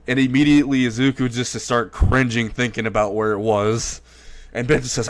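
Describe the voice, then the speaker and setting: A man narrates a comedic fan story in a casual, rambling way, restarting lines as he goes. His voice is mid-pitched. The recording is dry and close. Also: steady tone, a little fast, no room sound. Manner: rambling, retelling.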